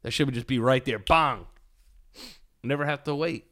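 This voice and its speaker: A man's voice: medium pitch, normal speed, a bit bright. A young man co-hosting a casual podcast chat, blunt, crude and joking. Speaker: podcast co-host.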